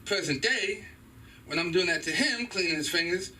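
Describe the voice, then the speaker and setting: A middle-aged man doing a stand-up set in a small comedy club, animated and profane as he acts out loud voices. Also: high voice, moderate pace, recorded from a distance, a little hiss or hum, poor audio. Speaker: stand-up comedian at an open mic.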